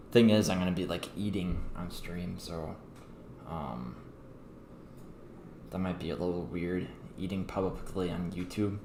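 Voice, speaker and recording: Low gravelly man rambling on a livestream. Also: darkish tone. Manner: rambling, hesitant, many fillers and restarts. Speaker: crypto trading livestream host. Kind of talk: casual livestream chat. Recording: echoey room with faint background noise.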